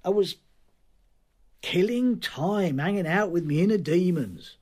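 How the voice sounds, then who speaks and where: Middle-aged husband in a radio play, terse and defensive, pitch swinging a lot. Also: male voice, animated, a little slow, darkish tone. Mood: tense. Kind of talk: radio drama acting.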